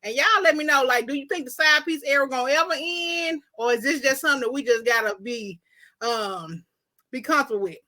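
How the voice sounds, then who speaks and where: A woman's voice: high voice, fairly quick, pushed and bright. A woman hosting a podcast in casual chat, telling a story animatedly and reading quotes aloud with drama. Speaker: podcast host.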